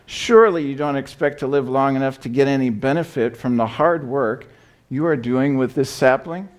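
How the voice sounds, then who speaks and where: A man's voice: mid-range voice, moderate pace, close to an everyday voice. A man voicing an astonished nobleman who exclaims in disbelief while reading a story aloud. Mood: puzzled. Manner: exclaiming, incredulous, raised voice. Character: astonished rich nobleman on horseback, adult man.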